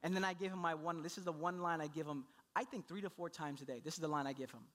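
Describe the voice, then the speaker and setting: A man's voice: a little high, fast talker, a bit bright. A young adult man, a pastor, preaching a sermon and telling a story about his baby son with playful voices and laughter.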